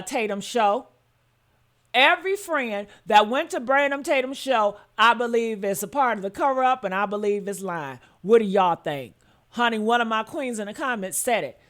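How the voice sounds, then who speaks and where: A woman's voice: fairly high pitch, a bit bright. A woman giving opinionated commentary straight to her viewers, sassy and emphatic. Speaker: commentary vlogger.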